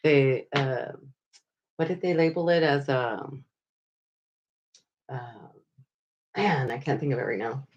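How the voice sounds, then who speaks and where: Brief: deep-pitched woman co-host, halting, fills gaps with ums. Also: darkish tone, muffled recording. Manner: hesitant, searches for words with fillers. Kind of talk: casual talk show chat.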